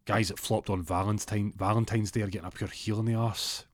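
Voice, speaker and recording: Low-voiced storyteller. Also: male voice, fairly even intonation, no echo. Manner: brisk, colloquial, present-tense telling. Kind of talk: casual spoken story.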